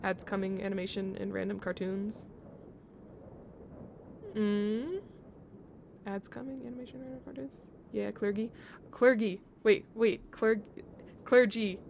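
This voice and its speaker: A woman's voice: mid-range voice, fairly even intonation, measured pace, vocal fry, pauses often, a little mellow, a little hiss or hum. A woman streamer reading a game's story aloud to her chat, chatty and laughing as she muses over pronunciations.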